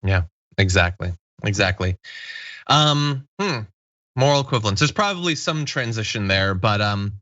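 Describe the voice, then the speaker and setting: Lively, bright-voiced male talk show host. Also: lowish voice, normal speed, no room sound, dull audio. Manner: thoughtful, wry, questioning. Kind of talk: political talk show hosting.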